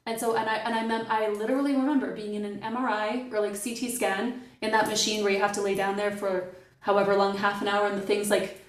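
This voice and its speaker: A middle-aged woman from Canada, a podcast guest, telling stories in a playful, animated way. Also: medium pitch. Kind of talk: casual podcast conversation. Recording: echoey and distant from the mic.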